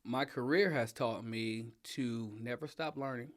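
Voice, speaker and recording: A middle-aged man in a relaxed interview, speaking in an emphatic, animated way. His voice sits in an ordinary middle pitch, and he laughs easily and turns loud when riled up. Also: a little slow. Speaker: interview guest, father and design director. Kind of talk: casual conversational interview.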